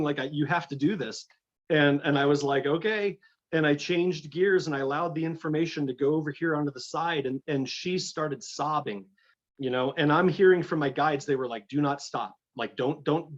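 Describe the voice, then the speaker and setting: Middle-aged man, slightly high voice, lo-fi audio, rambling animated storytelling. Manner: animated storyteller, many restarts and fillers. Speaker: guest, energy healer. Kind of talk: storytelling in an interview.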